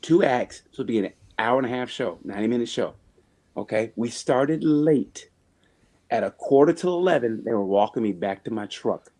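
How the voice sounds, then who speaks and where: A man's voice: mid-range voice, expressive, moderate pace, darkish tone. A man, a comedian, telling a bad-gig story in casual, profane chat, often repeating words as he goes. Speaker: comedian guest. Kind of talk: casual chat on a video call.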